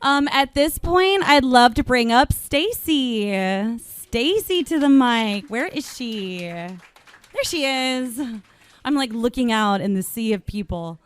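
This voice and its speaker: A woman hosting a live storytelling night, playful and unhurried as she thanks one speaker and calls up the next. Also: on the high side, animated, clean tone. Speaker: event host. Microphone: stage microphone.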